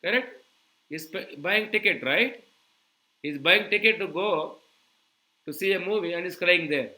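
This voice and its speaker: A man preaching to his listeners. His voice sits a little high and rings bright and forceful. He keeps turning to the audience with quick rhetorical questions, animated throughout. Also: poor audio. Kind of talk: sermon.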